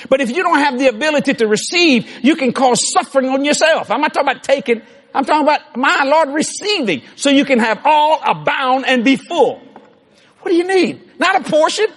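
Male preacher: very high, husky voice, lively delivery, sermon. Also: fairly quick. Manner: animated, shouting asides, laughing.

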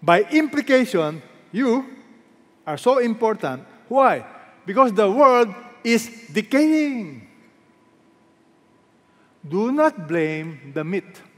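A man's voice: sits high, big pitch swings, slow pace, pauses often, a bit bright, big-room sound. A man preaching a sermon as a pastor, emphatic and repeating key words, asking the congregation questions.

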